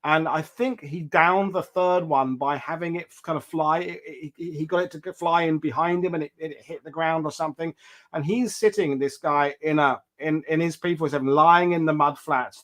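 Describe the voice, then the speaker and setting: A man with a slightly higher-than-usual voice hosts a history chat over a video call. He tells stories in an animated, rambling way and keeps restarting his phrases. The style is casual and anecdotal. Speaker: host.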